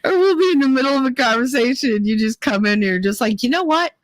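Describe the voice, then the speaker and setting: Chatting with her livestream viewers, a middle-aged host laughs and teases often in casual conversation with the live chat. Her voice is fairly high and animated, and she talks quickly. No room sound is audible.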